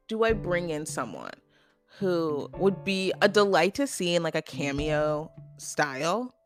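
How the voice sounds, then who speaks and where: A young adult woman hosting a casual solo podcast, chatty and opinionated, full of "like" and quick asides. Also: lowish voice. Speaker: podcast host.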